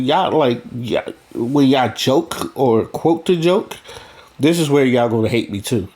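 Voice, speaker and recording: A man's voice: fairly high pitch, a little mellow. A man talking bluntly in a casual monologue, profane and rambling, restarting his sentences as he goes. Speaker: vlogger.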